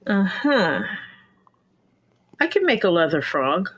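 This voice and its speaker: A woman's voice: on the low side, sing-song, slow, a bit bright, breathy edge. A woman hosting a leatherworking livestream, chatting casually and rambling through stories with quoted back-and-forth. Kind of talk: casual chat.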